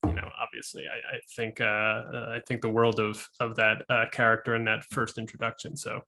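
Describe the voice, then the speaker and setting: A man's voice: fairly low pitch, monotone, normal speed, pushed and bright, slight background noise. A man hosting an interview, asking questions in a hesitant way full of fillers. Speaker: podcast host, interviewer.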